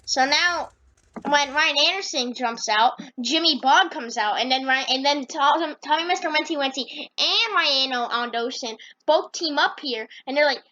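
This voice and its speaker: A woman's voice: sits high, a little slow, pushed and bright, muffled recording. A woman narrating a comedy game video in a rambling, hyped, slangy way. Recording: noisy with engine sounds.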